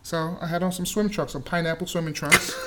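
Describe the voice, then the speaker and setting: A man's voice: fairly high pitch, brisk, very noisy. A man from Jamaica telling a story in casual chat, acting out the people he quotes. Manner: animated, acts out quotes in different voices. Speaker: guest.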